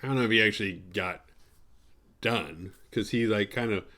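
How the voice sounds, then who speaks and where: A man's voice: lowish voice, normal speed, bright, forceful tone. Sarcastic rambling man recapping a film. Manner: rambling and profane, with sarcastic asides. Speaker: horror movie review podcast host. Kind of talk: casual spoiler-filled movie recap.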